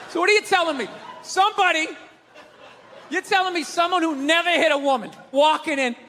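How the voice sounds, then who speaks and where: A man from the US East Coast doing a profane, ranting stand-up routine, shouting his punchlines. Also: very high-pitched, normal speed, long pauses. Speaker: stand-up comedian. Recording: reverberant hall with steady noise.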